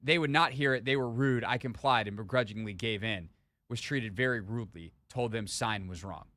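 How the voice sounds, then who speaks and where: A man's voice: fairly low pitch, normal speed, bright, forceful tone, dry recording. A man hosting a sports radio show, telling a story in casual chat and building into mock indignation. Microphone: studio microphone.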